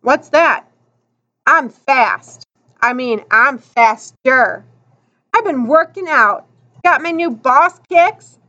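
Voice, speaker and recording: A woman's voice: sits high, expressive, slow, long pauses, pushed and bright, lo-fi sound, full character voice. A woman voicing a boastful, taunting boy runner who talks in street slang in a storybook reading. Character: tough cocky boy runner, boastful and sore loser.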